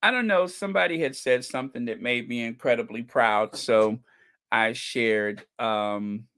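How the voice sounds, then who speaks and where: A man's voice: medium pitch, measured pace, fairly bright tone, smooth. Gushing man hosting a livestream. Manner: gushing, repeats phrases; reads viewer comments aloud. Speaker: channel host. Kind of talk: casual livestream chat.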